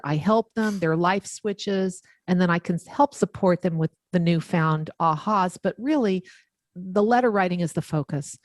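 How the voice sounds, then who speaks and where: A woman guest tells stories with bubbly enthusiasm and acts out the voices of the people in them. Her voice sits a little low and sounds dry and close to the mic, with no room echo. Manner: animated, enthusiastic storyteller acting out dialogue. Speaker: author and letter writer, guest. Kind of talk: interview storytelling.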